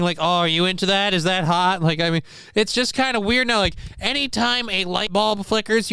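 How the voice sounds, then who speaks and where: High, smooth-voiced joking man. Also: fairly bright tone, dry recording, studio quality. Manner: crude joking, mock voices, loose rambling. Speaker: host reacting to news clips. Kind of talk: casual comedic commentary.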